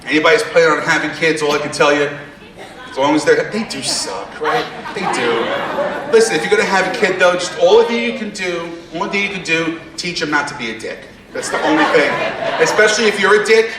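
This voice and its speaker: On a theater stage before a live audience, a man with a somewhat high voice does stand-up at a fairly quick pace, brashly ribbing the crowd with asides. The distant, echoey recording carries background noise and audience laughter.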